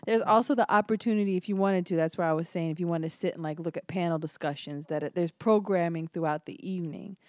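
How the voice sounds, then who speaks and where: A woman's voice: fairly low pitch, fast talker, a little mellow, dry recording. A woman co-hosting a podcast, chatting in an upbeat way and laughing easily. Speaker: podcast co-host. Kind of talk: casual chat.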